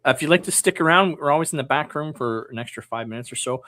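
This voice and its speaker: A man from Canada, hosting a podcast and signing off the show in a chatty way, with lots of filler pauses. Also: fairly high pitch, bright, forceful tone, dry recording. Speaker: podcast host. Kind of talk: casual show sign-off.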